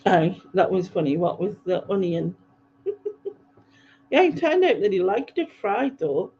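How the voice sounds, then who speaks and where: A woman's voice: mid-range voice, lively intonation, a little slow, slightly rough. A woman hosting a livestream, casually rambling through viewer comments with frequent ums and laughs. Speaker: livestream host. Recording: dull lo-fi livestream audio.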